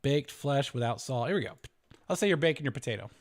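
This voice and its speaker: A man's voice: mid-range voice, animated, quick pace. A man hosting a homesteading channel, talking casually through a spreadsheet as he works out numbers aloud, correcting himself, chuckling, and letting his voice swing up and down.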